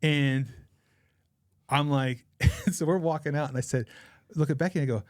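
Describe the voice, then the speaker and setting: A man's voice: on the high side, normal speed, a little mellow, dry recording, studio quality. Chatty middle-aged man telling a story. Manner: rambling, chatty anecdote-telling with frequent laughs. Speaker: podcast guest. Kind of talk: casual storytelling.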